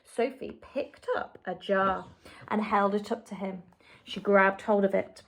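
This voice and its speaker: A woman teacher reading a children's storybook aloud expressively, dropping to a hush for suspense. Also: mid-range voice, fairly even intonation, unhurried.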